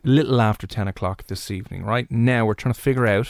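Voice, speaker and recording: A man's voice: lowish voice, fast, creaky, over music. A man with an Irish accent hosting a casual radio chat in a studio, joking and bantering. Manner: jokey, bantering, puts on accents. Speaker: radio host. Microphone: studio microphone.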